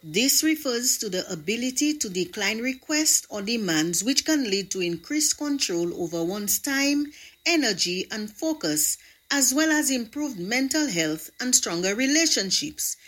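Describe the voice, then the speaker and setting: A woman presenting a scripted radio devotional, reading with expressive storytelling. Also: a little high, a little slow.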